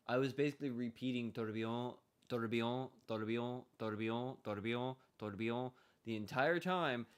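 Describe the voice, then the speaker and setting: A man's voice: mid-range voice, clear, resonant tone. A tired man streaming a game, chatting in a rambling, jokey way. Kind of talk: casual gameplay commentary.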